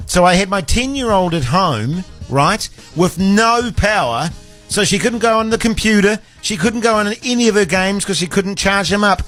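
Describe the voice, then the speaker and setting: A man's voice: sits high, animated, moderate pace, fairly bright tone, soft background music. A man, hosting a radio show and telling stories in casual, exasperated banter. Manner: chatty storyteller, exasperated asides. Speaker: radio host.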